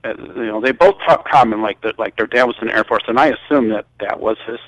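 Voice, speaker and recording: An older man from Michigan recounting a personal story in a halting, rambling way, full of restarts. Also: lowish voice, a bit bright, no room sound, low-quality recording. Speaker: guest.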